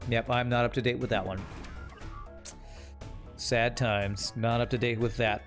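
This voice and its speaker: A young man casually narrating his game while answering chat, dry and teasing. His voice sits at an ordinary middle pitch, and faint game music plays under him. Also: little pitch movement, measured pace, fairly bright tone. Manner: wry, teasing, talks to chat while playing. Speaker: streamer.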